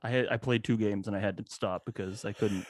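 A man co-hosting a casual podcast, telling stories about his son and mimicking him in a higher voice. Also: fairly even intonation, fast, a little mellow, no room sound, clean studio sound. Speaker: podcast co-host. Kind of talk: casual chat.

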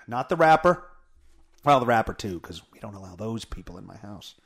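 A man with a gravelly, fairly low voice speaks at normal speed with plenty of animation as he hosts his own podcast. His casual rant is blunt, sweary, and self-mocking, recorded at home on a studio mic with a pop filter via a mixer.

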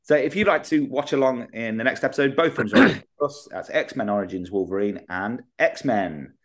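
A man's voice: medium pitch, expressive, fairly quick. A young adult man co-hosting a podcast, rambling and hesitant, trailing off mid-thought. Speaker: podcast co-host. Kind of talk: casual chat.

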